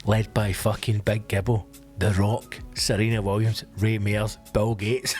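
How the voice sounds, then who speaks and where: A Scottish man hosting a solo comedy podcast, swearing and ranting in an excitable, animated way. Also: on the low side, a little slow, faint music behind. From Scotland. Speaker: podcast host.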